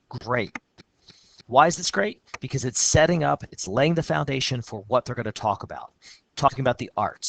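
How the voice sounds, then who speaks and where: A man's voice: mid-range voice, a bit bright, no echo. A male teacher walks through a student essay in a recorded lesson, reading passages aloud and commenting with upbeat energy. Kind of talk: recorded lesson with screen walkthrough.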